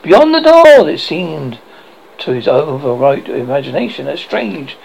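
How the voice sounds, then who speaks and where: A man reading a horror story aloud as host, with a dramatic, expressive delivery. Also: fairly high pitch, unhurried, creaky, husky. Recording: dull lo-fi recording.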